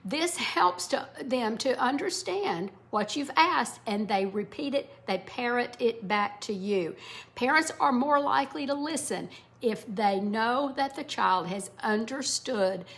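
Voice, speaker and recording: Woman, middle-aged parenting educator, slightly high voice, explanatory lesson tone. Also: expressive, a little slow, fairly bright tone. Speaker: parenting educator, former English teacher. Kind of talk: instructional talk to parents.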